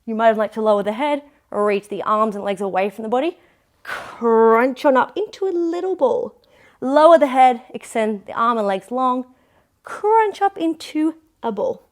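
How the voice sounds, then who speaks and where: A woman's voice: a little high, lively intonation, moderate pace. A young woman leading a pilates workout, encouraging and counting down reps. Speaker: pilates instructor. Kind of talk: guided workout instruction.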